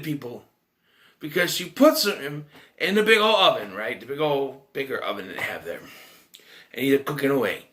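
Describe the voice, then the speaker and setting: Bright and keyed up, a young man meanders through an offhand film review, his pitch swooping widely. He keeps restarting and asking incredulous, rhetorical questions.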